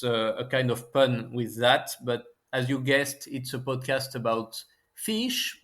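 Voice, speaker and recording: A man from France with a French accent, speaking English as a second language, talking casually as an interview guest and pausing often to find his words. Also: medium pitch, a bit bright. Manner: halting, searching for English words. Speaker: guest scientist and author.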